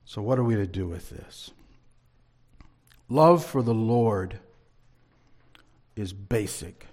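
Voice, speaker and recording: A man teaching a Bible lesson in a sermon style, measured and emphatic, reading scripture aloud between explanations. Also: on the low side, animated, a little mellow.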